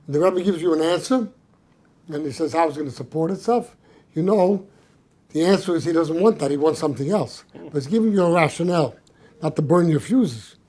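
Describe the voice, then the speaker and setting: An older man tells a personal story in a high, husky voice with a warm, mellow tone. His pitch swings widely as he leans hard on key words, and he repeats them for emphasis. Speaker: speaker recounting his community work.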